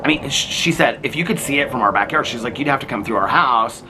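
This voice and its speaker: A man vlogging outdoors in his neighborhood with a handheld camera, telling animated, gossipy stories and laughing often. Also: mid-range voice, fast talker, background noise. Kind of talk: casual outdoor vlog chat.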